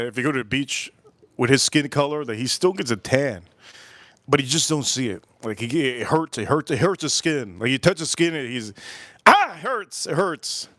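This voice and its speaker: A man's voice: medium pitch, normal speed, dry recording. A man hosting a cigar review livestream, chatting casually and rambling, repeating his phrases and acting out the voices of people he quotes. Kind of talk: casual rambling live-stream chat. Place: Miami.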